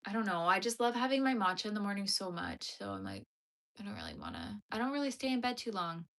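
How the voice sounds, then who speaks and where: A woman's voice: medium pitch, sing-song, fast talker, a bit bright. A woman hosting a crochet livestream, chatting casually and answering viewer comments as they come in. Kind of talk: casual chat with live viewers.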